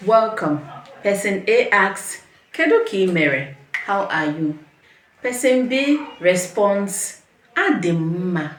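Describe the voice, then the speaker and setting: A woman's voice: medium pitch, reverberant, slight background noise. A woman teaching a beginner language lesson, patiently repeating each phrase and encouraging the viewer to say it after her.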